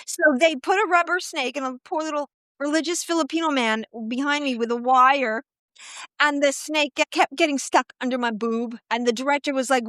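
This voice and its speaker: A middle-aged woman with a high voice hosts a loose, casual conversation. She tells bawdy, profane stories with plenty of laughter. The sound is dry, with no room echo. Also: fairly even intonation, brisk, fairly bright tone. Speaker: podcast host. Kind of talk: casual chat.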